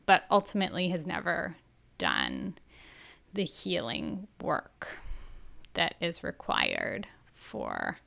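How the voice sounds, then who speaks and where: A woman hosting a talk show, speaking in a candid, self-reflective personal monologue with a gentle, soothing manner. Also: on the low side, wildly swooping pitch, slow pace, creaky.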